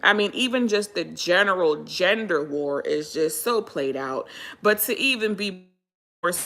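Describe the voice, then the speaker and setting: A woman from Pennsylvania in the middle of a casual livestream rant, her voice bright and forward. She sounds animated and exasperated, and she stops to greet viewers by name before picking the thread back up. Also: medium pitch. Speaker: livestream host.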